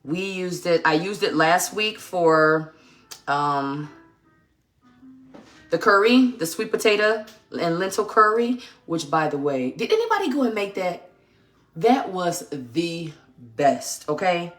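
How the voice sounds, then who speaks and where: A middle-aged woman with a fairly low voice hosts a relaxed cooking demonstration from her home kitchen. She chats, teases, and thinks aloud as she works. Faint music and the clatter of pots and pans sit in the background. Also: unhurried. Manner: chatty, teasing, thinks aloud while working. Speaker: cooking show host.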